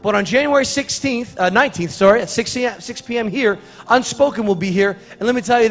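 A man giving church announcements and leading a prayer in a chatty, rambling way with joking asides. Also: sits high. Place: church sanctuary. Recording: reverberant church hall with faint music.

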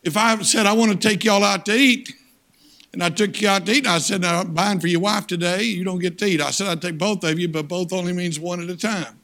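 A man's voice: high-pitched, fairly quick. An older man, preaching a sermon as a guest speaker, telling folksy stories and calling out for amens. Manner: animated, folksy storytelling with audience call-outs.

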